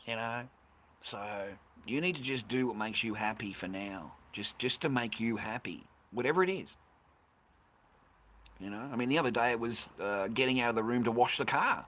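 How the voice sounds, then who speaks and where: A man's voice: mid-range voice, sharp tone. Profane blunt Australian man in his fifties. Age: 50s. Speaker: livestream host. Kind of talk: casual livestream chat.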